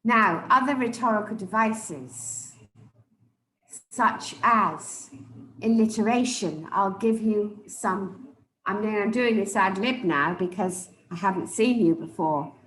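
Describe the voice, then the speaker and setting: A woman coaching public speakers live, emphatic and deliberate, often repeating key words for stress. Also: mid-range voice, a bit bright, reverberant, a little hiss or hum, rough recording. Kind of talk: live speech evaluation to an audience.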